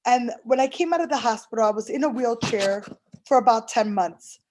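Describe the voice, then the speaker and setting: A woman with a fairly high voice tells her own story as a heartfelt testimonial. She speaks earnestly and slips into the voices of the people she talked to. She works as an early intervention interpreter. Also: a little fast, darkish tone, slight background noise. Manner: earnest storyteller who acts out her past conversations. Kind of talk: personal testimonial.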